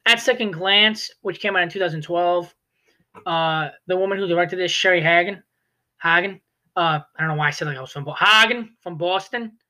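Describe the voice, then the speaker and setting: This young adult's medium-pitched voice sounds pushed and bright, and the pace is fairly quick. The casual movie review wanders, with lots of "like," false starts, and self-corrections.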